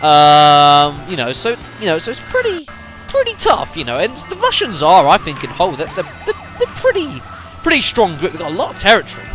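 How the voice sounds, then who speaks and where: A man narrates his gameplay in a loose, rambling way, full of fillers and asides to his viewers. His voice sits a little high, with a bright, forceful edge and a very animated pitch. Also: a little fast, soft background music. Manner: rambling, filler-heavy, keeps addressing the audience as folks. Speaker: let's play commentator. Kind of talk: casual gameplay commentary.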